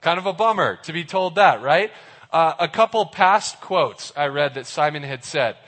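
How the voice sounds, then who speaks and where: A man giving a casual sermon, animated and acting out the dialogue of the people in his story. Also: a little high, normal speed. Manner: animated, acts out the characters' dialogue. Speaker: youth pastor. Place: church hall. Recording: reverberant hall.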